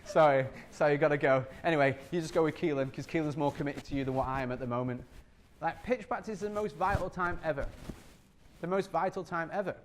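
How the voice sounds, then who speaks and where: A man leading a sales training workshop, energetic and repetitive, often acting out customer scenes as he talks. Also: a little high, fast, a little hiss or hum.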